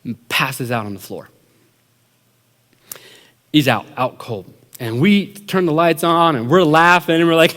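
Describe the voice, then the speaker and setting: A young adults pastor telling a story in a sermon, animated and acting out what people said, with many casual fillers. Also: male voice, fairly high pitch, measured pace. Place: church hall. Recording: long reverb of a large hall.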